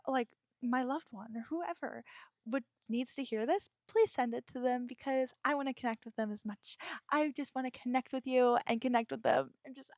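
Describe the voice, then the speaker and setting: A woman's voice: sits high, no echo, clean studio sound. A young woman hosting her own podcast, chatting in a bubbly, rambling way with frequent laughs and casual swearing. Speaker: podcast host. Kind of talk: casual solo podcast chat.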